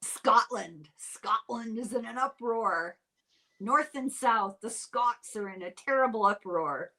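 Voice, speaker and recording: An older woman from Ireland, hosting a casual podcast chat, animated and quick to laugh. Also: a little high. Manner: chatty and animated, laughs often. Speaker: podcast host.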